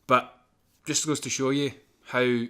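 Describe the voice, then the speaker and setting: A man spinning a travel story for a podcast, his voice sitting at an ordinary middle pitch. He tells it in an animated, conversational way, with small chuckles between the lines. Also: measured pace, clean tone. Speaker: podcast co-host. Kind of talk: casual storytelling.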